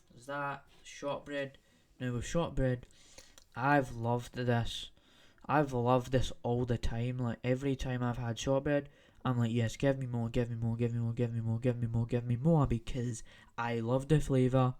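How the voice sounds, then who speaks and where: A man's voice: medium pitch, a little mellow. A young Scottish man hosting a solo podcast, rambling off on tangents and repeating himself as he talks. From Scotland. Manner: rambling, tangent-prone, repetitive. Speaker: podcast host.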